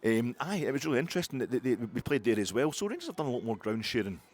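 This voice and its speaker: A man's voice: medium pitch, big pitch swings, racing. A middle-aged man with a Glasgow accent, chatting on his own fan podcast in a rambling, digressive, sweary way. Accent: Scottish, Glasgow. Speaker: podcast host. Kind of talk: solo fan podcast chat. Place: outdoors in the cold.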